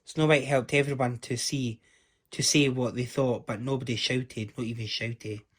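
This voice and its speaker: A man reading a children's story aloud as the storyteller, lively and doing the voices. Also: mid-range voice, normal speed, breathy edge.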